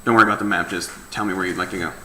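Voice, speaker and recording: A man's voice: low voice, steady tone, racing. A man narrating a tabletop game as game master, in a loose, filler-heavy style. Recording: echoey room, faint noise.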